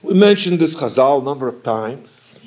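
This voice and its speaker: A man's voice: mid-range voice, lively intonation, moderate pace, darkish tone. A man teaching a Torah lecture, posing questions and repeating phrases for emphasis. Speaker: rabbi teaching Talmud.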